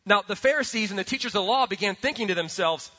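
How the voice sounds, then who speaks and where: A man preaching a sermon as a pastor, earnest and animated, often repeating words as he builds a point. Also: high-pitched, quick pace. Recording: dull sound with long hall reverb.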